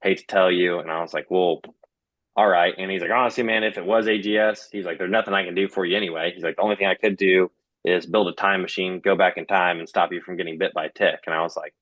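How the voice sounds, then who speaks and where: A young man telling his story as a guest talks fast in a low, steady, somewhat bright voice. His casual telling is thick with fillers and quoted dialogue, and there's no echo.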